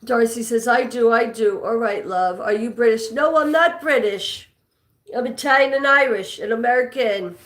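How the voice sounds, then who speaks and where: A woman's voice: on the high side, moderate pace, fairly bright tone. A woman with a New York accent hosting a live trivia stream, chatting with viewers and reading their comments aloud. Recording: echoey room.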